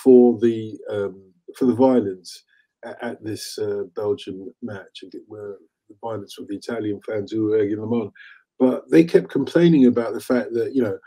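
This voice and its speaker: A man in his fifties hosting a casual chat, telling animated stories and laughing easily. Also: fairly low pitch, normal speed. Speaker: host.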